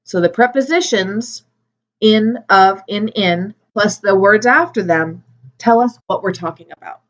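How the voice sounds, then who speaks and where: A woman teaching an English grammar lesson, modelling words slowly and carefully for learners. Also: mid-range voice, lo-fi sound. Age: adult with a daughter. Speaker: ESL teacher.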